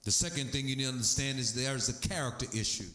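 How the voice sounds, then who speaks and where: A man's voice: mid-range voice, quick pace, sharp tone. A man preaching a sermon as pastor, emphatic, with sweeping swings in his delivery. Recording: echoey room.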